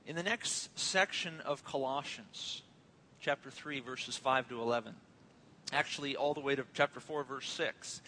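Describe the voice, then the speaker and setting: A man's voice: on the high side, pushed and bright, slight background noise, rough recording. A man in his thirties preaching a sermon as a pastor, conversational and joking, telling family stories.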